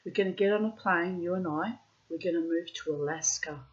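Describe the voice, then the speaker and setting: A woman voicing a pushy, scheming female nurse friend who talks in a bossy, insistent way, pitched above her own voice. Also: brisk, dull audio, close to an everyday voice.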